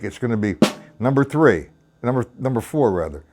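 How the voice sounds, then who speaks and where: A man's voice: mid-range voice, very animated, moderate pace, over loud music. A man teaching a live-streamed drum lesson. He counts rhythms aloud, calls out stickings and talks to viewers by name. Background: drum kit.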